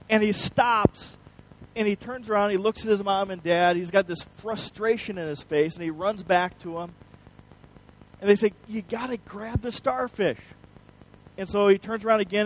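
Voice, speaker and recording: A man's voice: sits high, poor audio. A man preaching a sermon, telling a story in an earnest way with frequent restarts. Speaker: pastor.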